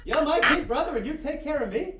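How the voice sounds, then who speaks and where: A man's voice: mid-range voice, moderate pace, reverberant, very noisy, voice pushed down, close to an everyday voice. A man doing an impression of a whining, resentful younger brother from a crime family. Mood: aggrieved. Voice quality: pleading, rising voice. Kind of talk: film scene impression.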